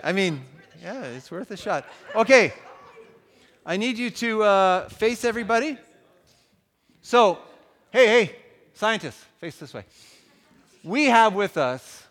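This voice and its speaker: At a church event, a man gives a talk on faith, joking with listeners in an easy, conversational, animated way. His unhurried, bouncing delivery swings widely in pitch and sits somewhat high for a man, while a long hall reverb trails his words through the large space.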